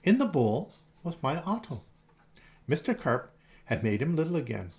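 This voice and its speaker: A man reading a children's storybook aloud, gentle and expressive. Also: fairly high pitch. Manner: gentle, expressive, slowed for effect.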